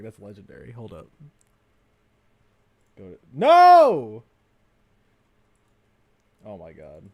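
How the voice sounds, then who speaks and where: A man hosting a livestream, reacting to a video with crude, mocking commentary that swings between loud outbursts and mutters. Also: on the low side, no echo.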